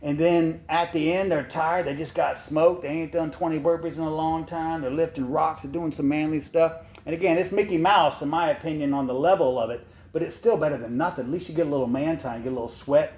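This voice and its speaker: A man talks in a slightly higher register. He is blunt, folksy and quick to get fired up, and he moves between reading passages aloud and ranting off the cuff. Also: fairly even intonation, a little mellow. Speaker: podcast host reading a book aloud. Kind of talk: casual commentary mixed with reading aloud.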